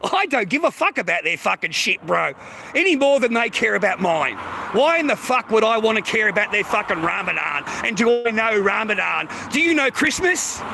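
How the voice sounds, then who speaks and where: A man's voice: high voice, lively intonation, fairly quick, gravelly, noisy background. An Australian man hosting a livestream, delivering an aggressive, taunting rant full of swearing. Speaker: livestream host.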